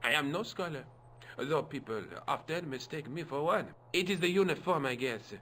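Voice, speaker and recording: An actor playing a fussy, self-important museum guard in a game. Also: male voice, on the high side, moderate pace, slight background noise, close to an everyday voice. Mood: pompous. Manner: pompous, affected, self-important. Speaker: game character. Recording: game audio with soft music.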